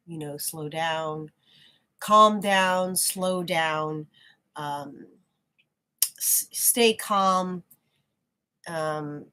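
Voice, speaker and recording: Woman vlogging, kinda low voice, frank and reflective, keeps restarting sentences. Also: a bit bright. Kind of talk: casual spoken monologue.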